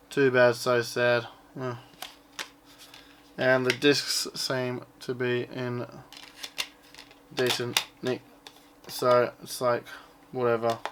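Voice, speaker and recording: Against a noisy background, a man with a mid-range voice chats casually while unboxing and displaying items he's collected. His talk is rambling and offhand, with the occasional swear word.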